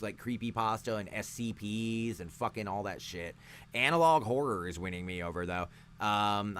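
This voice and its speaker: A man with a somewhat low voice gives casual live-stream commentary, blunt and full of swearing. He talks from outdoors on a porch and comments on the clips as they play. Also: fairly bright tone. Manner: profane, blunt and sarcastic. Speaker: streamer reacting to videos.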